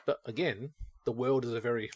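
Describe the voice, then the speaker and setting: A man's voice: mid-range voice, steady tone, a little fast, husky, dry recording. A man co-hosting a podcast, rambling casually and acting out his own thoughts as he talks. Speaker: podcast co-host. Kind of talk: casual chat.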